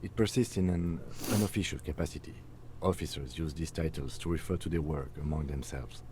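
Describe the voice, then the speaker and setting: An actor voicing a reserved police officer in a game, calm, dry and precise. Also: male voice, a bass voice, fairly quick, noisy background. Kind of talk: game dialogue.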